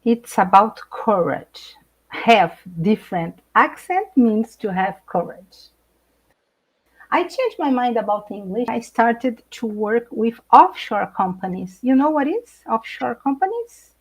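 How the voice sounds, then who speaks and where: A middle-aged Brazilian woman speaking English with a Brazilian Portuguese accent, an animated guest in a live video chat who laughs often and searches for words. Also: fairly high pitch, slow, husky, poor audio. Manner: animated, laughs often, hesitant non-native phrasing. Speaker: guest speaker, intercultural trainer.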